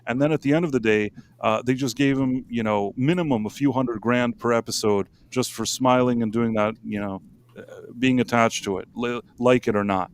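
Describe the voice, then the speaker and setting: Man, co-host, casual rambling live-stream chatter, mid pitch. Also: fairly even intonation, moderate pace, clean tone. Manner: rambling, joking, frequent fillers and restarts.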